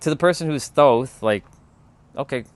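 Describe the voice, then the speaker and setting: A man's voice: mid-range voice, moderate pace, dry recording. A man from Canada, chatting casually on a livestream, rambling and restarting his words as he answers chat. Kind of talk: casual live-stream chat.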